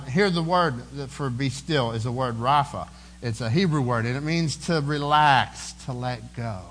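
A man's voice: on the high side, fairly bright tone, slight background noise, low-quality recording. A man preaching a sermon in an earnest, conversational way, often repeating words as he goes. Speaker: pastor.

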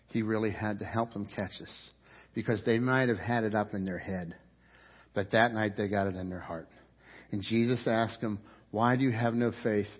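A man preaching from a church pulpit, his voice somewhat husky and breathy. He builds emphatically, pushing harder on key lines and repeating phrases. The sound rings with a long reverb and the audio is a bit dull. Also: lowish voice. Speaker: pastor. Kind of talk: sermon. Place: church sanctuary.

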